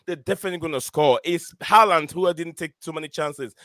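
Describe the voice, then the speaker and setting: A man hosting a live football review show, excitable and fond of shout-outs and repeating names. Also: a little high, a little fast, dry recording, clean studio sound. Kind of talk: live fan call-in chat.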